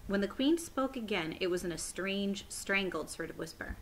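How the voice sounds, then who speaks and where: A woman teacher reading a chapter book aloud to children in a friendly, clear way. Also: mid-range voice, expressive, moderate pace, few pauses, a little hiss or hum, low-quality recording. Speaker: elementary school teacher.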